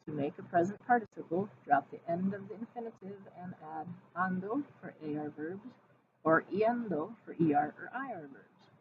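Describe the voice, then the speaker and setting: A woman's voice: mid-range voice, expressive, normal speed, a little hiss or hum. Woman, Spanish teacher, reading lesson slides, step by step, spells words out, tinny phone-like audio.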